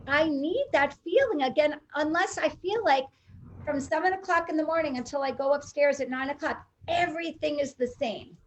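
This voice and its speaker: A woman with a high, bright pitch chats casually, telling a story and playing out the back-and-forth. There is a faint noise bed behind her voice. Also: moderate pace, lo-fi sound. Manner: animated, acts out quoted dialogue.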